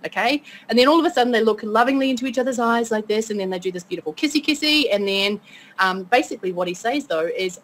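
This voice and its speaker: A woman's voice: medium pitch, fast talker, a bit bright, slight background noise. A woman teaching an online course webinar, upbeat and chatty, often checking in with her listeners. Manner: upbeat, chatty, keeps asking okay. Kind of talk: motivational webinar talk.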